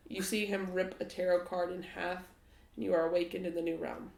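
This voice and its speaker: A woman narrating a tabletop game as game master in a measured, descriptive way. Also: fairly low pitch, level tone, creaky, darkish tone. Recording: echoey room.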